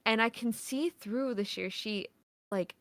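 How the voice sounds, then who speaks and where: A woman's voice: fairly high pitch, unhurried, fairly bright tone, dry recording. A woman, a podcast guest, telling a casual story in a rambling way, full of "like" fillers and swearing.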